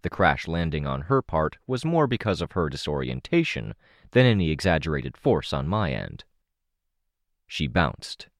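A man narrating an audiobook in the first person, in a steady, measured reading. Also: rumbling low, no room sound, studio quality.

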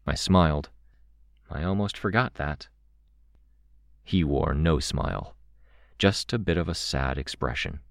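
A man narrating a first-person novel in an even, unhurried way. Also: very deep voice, gravelly, no echo, clean studio sound. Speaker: audiobook narrator.

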